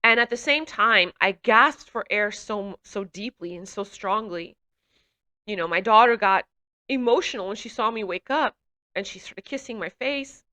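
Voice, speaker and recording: A woman's voice: medium pitch, moderate pace, bright, forceful tone. A woman giving an emotional personal testimony, speaking hesitantly with many fillers and restarts. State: emotional, runny nose. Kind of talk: personal testimony, reflective storytelling.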